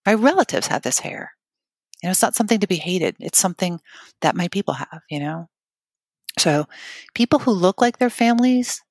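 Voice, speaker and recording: Low-voiced woman telling a personal story. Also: no echo, studio quality. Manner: emotional, halting, many restarts and fillers. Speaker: guest telling her story.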